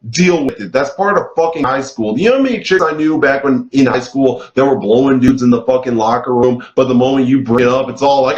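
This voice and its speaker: A man's voice: mid-range voice, a little fast, hardly any pauses, echoey room, dull audio. A man giving a profane, angry rant as a show reviewer, swearing constantly and leaning on "like" as filler. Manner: swears heavily, rants angrily with filler "like".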